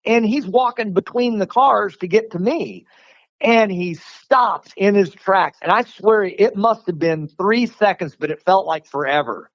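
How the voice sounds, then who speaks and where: A man telling a story in a casual, animated way, often laughing and restarting his sentences. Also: high-pitched, a little slow, dry recording, dull audio. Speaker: martial arts instructor, podcast guest.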